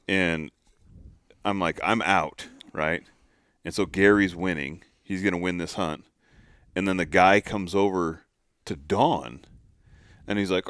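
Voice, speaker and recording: A man's voice: low-pitched, measured pace, clean tone, no room sound. A man co-hosting a hunting podcast, telling a story in casual chat and acting out what people said. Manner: animated storyteller, acts out quotes. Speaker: podcast co-host.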